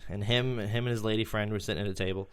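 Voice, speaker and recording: A man's voice: lowish voice, fairly even intonation, quick pace, smooth, dry recording. A man co-hosting a casual podcast chat, playful and jokey, slipping into impressions and silly accents between stories. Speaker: podcast co-host.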